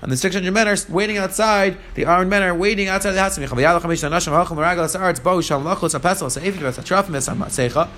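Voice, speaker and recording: A man's voice: high-pitched, very fast, few pauses, fairly bright tone. A man teaching a verse-by-verse text lesson, reading Hebrew verses aloud and then retelling them in casual English. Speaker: Torah teacher.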